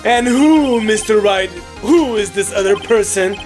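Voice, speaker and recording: A woman's voice: medium pitch, measured pace, darkish tone, lightly acted. A woman voicing an arrogant, haughty male prosecutor in a video game, sneering at the defense. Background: game music.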